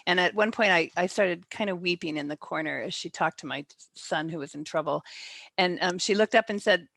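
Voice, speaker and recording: A middle-aged woman giving a casual, heartfelt spoken tribute, telling a personal story in a warm, anecdotal way. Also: fairly low pitch, a little fast, gravelly, no room sound. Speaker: league member giving a tribute.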